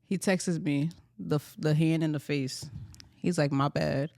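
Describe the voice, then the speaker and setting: A woman's voice: low-pitched, steady tone, a little slow, creaky, a little mellow, dry recording. A woman. She teases her co-host and tells stories with a playful edge. The sound is dry, with no room around it. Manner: playful, teasing storyteller. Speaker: podcast co-host. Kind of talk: casual chat.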